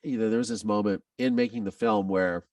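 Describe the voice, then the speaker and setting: A man in his thirties as a podcast guest, telling a personal story earnestly, his voice dropping low when he is moved. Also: steady tone, brisk, darkish tone, dry recording, distant mic.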